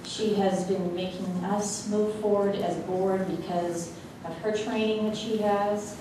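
A woman's voice: mid-range voice, steady tone. Woman in an echoey meeting hall. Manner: halting, warm tribute with many fillers. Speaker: school board member. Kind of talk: tribute speech at a public meeting. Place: school board meeting room. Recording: echoey hall, mic from far off, noisy.

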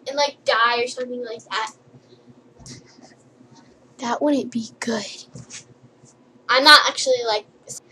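Brief: high-pitched young female vlogger, playful and rambling, tossing off jokey tips. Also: steady tone, takes it slowly, long pauses, sharp tone, slight background noise, poor audio. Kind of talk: silly comedic list vlog.

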